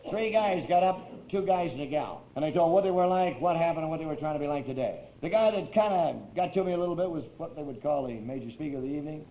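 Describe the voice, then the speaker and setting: A man telling his recovery story to a meeting in a folksy, wry way, often clearing his throat. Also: high voice, slight background noise. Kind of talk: personal recovery talk. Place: meeting hall with a crowd. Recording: tinny, roomy old tape recording.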